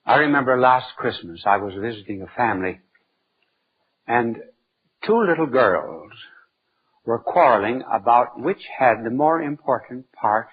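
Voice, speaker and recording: An archbishop telling humorous anecdotes in a deliberate, playful storytelling manner. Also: male voice, medium pitch, husky. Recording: narrow phone-like old archival recording.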